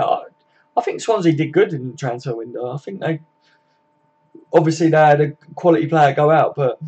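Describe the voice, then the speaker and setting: A man's voice: a little high, creaky, a little mellow, breathy edge, muffled recording. A young man hosting a live stream, chatting casually, reading out viewers' comments, swearing freely and tagging questions onto his sentences.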